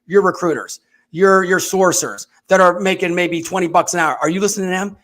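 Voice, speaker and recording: Male host, casual chat, folksy and animated, voice sits a little high. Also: a little fast. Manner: animated, folksy, addresses viewers directly. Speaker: podcast host. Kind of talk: casual conversational interview.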